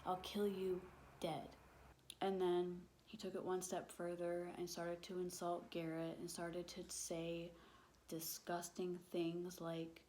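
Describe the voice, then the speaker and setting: A young woman telling a personal story as a vlogger, halting and emotional, leaning on "like" as filler and swearing when upset. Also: on the low side, completely flat delivery, warm tone, a little hiss or hum.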